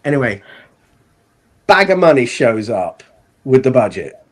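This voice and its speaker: A man's voice: medium pitch, measured pace. A man, a film director, telling stories in a casual interview and acting out the people in them. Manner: animated storyteller who acts out other people.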